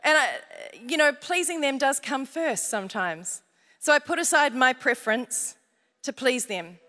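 A woman's voice: sits high, lively intonation, normal speed, sharp tone. A woman pastor with an Australian accent preaches a sermon, mixing scripture with funny stories from family life and calling out to the congregation. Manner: humorous storytelling with audience call-outs. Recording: long hall reverb.

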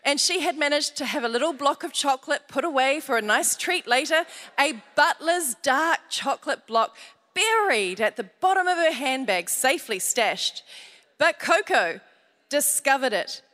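An Australian woman pastor preaches with lively humor, turning her family stories into lessons and drawing answers from the congregation. Her voice sits high and bright, and it rings out through the long reverb of a large hall. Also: moderate pace. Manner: humorous storytelling with audience call-outs. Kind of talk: sermon.

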